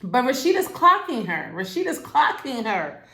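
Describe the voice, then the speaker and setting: A woman's voice: sits high, normal speed. Chatty woman recapping a show at home. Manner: chatty, animated, acts out characters' lines. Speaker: TV show reviewer. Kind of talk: casual show recap to camera. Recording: roomy echo.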